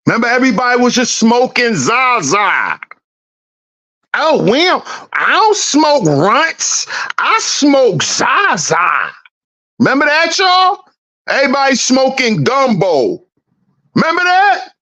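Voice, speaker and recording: A woman's voice: sing-song, a bit bright. A woman hosting her own channel, mocking her listeners in a rhetorical rant and repeating her questions in a teasing, sing-song way. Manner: swings in pitch, drawn-out words. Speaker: channel host.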